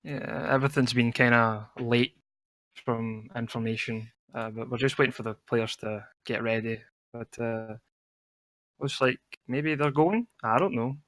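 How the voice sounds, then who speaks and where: A man's voice: mid-range voice, steady tone, unhurried, a bit bright, no echo. A man casting a live online game tournament in a loose, rambling way, padding his talk with "you know", on a headset mic. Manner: laid-back, rambling, lots of "you know". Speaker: esports caster. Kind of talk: casual live game commentary.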